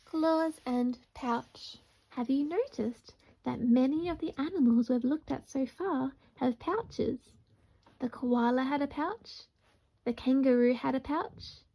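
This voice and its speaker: A woman teaching a phonics lesson to young children, slowly sounding out words syllable by syllable. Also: high voice, vocal fry. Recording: dull lo-fi recording.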